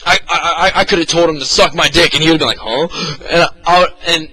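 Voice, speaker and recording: A man co-hosting a podcast, telling a story in a loud, profane, animated way. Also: a little high, fast talker, poor audio. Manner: profane, animated, exaggerated retelling. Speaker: podcast co-host. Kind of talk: casual storytelling.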